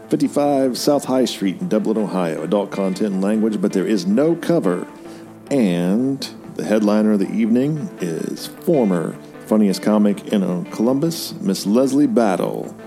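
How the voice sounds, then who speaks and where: Male podcast co-host, jokey banter, animated pitch, mock-announcer reads. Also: unhurried, soft background music. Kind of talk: casual comedy podcast banter.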